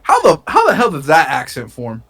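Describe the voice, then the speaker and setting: Young male podcast co-host, slightly high, animated, rambling casual chat. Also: a little fast, vocal fry, breathy edge. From United States. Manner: excitable, rambling, swears a lot. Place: bedroom.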